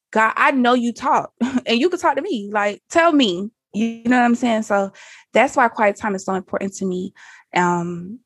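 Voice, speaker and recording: A woman's voice: medium pitch, no room sound, studio quality. A woman guest on a faith podcast, talking earnestly in a casual, slangy way. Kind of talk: casual chat.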